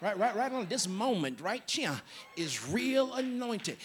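High-pitched lively preaching man. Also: a little slow, a little hiss or hum. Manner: preaching with call-and-response and joking asides to the congregation. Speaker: pastor. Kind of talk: sermon. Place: church sanctuary.

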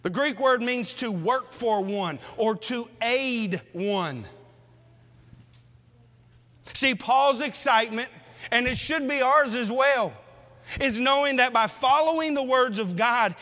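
Male preacher, very high, bright, forceful voice, lively exhortation, long hall echo. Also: unhurried. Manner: animated, exhorting the congregation with rhetorical questions. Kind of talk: sermon.

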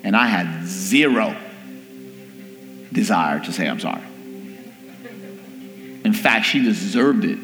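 A man preaching a sermon, telling a family story with lively delivery and acting out the people in it. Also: lowish voice, measured pace, pauses often. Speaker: pastor. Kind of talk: sermon with personal stories. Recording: long hall reverb with faint music.

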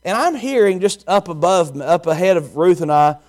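Emphatic preacher man, slightly high voice. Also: expressive, a little fast. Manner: emphatic, repeats key words, tells a personal story. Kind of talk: sermon.

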